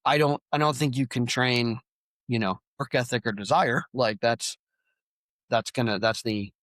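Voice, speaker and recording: A man's voice: mid-range voice, steady tone, a little slow, fairly bright tone, dry recording. Plain-spoken man with a dry, close sound. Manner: casual, full of restarts, plain-spoken. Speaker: guest, sales company leader. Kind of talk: podcast interview.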